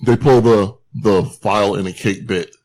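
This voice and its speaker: Male podcast co-host, halting, casual. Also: lowish voice, steady tone, a little mellow. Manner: halting, many fillers and restarts. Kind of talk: casual movie chat.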